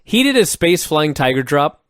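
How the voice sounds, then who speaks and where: A man co-hosting a podcast, animated and quick to laugh, swearing for emphasis as he reviews old wrestling shows. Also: fairly high pitch, clear, resonant tone, no room sound, clean studio sound. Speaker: podcast co-host. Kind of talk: casual review chat.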